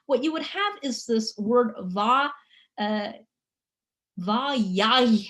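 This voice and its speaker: A woman lecturing on biblical Hebrew in a chatty way, full of fillers and frequent "okay?" checks, slowing down to sound out words. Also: on the high side, animated, fairly bright tone. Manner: spells out Hebrew words slowly.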